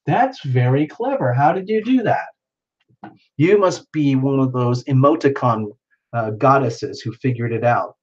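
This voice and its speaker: Male livestream host, mid-pitched, playful and chatty with his viewers, lo-fi sound. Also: expressive, measured pace. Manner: playful, chatty, reacting to comments. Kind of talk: casual livestream chat with viewers.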